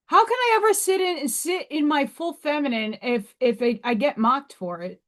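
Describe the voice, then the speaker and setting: A woman's voice: high voice, moderate pace, few pauses, a bit bright. A woman from New York hosting a casual livestream, talking frankly and emphatically to her viewers. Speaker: livestream host.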